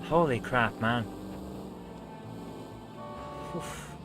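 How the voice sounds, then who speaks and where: A man's voice: medium pitch, expressive, measured pace, music in the background. A man hosting a let's play, talking casually over his gameplay with frequent exclamations and mild swearing. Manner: exclamatory, swears and laughs at his own driving.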